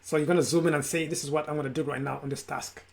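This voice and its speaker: A man's voice: fairly high pitch, fairly even intonation, racing, vocal fry. A man speaking live from his room, giving an emphatic motivational talk on mindfulness in repeated lists. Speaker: self-help speaker. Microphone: camera.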